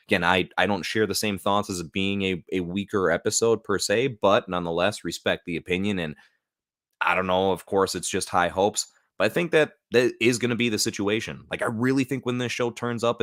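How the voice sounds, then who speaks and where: A man's voice: deep voice, a bit bright, no room sound, studio quality. An American man hosting a casual live stream, rambling loosely with lots of fillers. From United States. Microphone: new studio mic.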